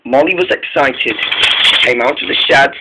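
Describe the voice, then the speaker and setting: A man narrating a train story, halting, with frequent restarts and repeated words. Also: mid-range voice, big pitch swings, gravelly, very noisy. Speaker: story reader.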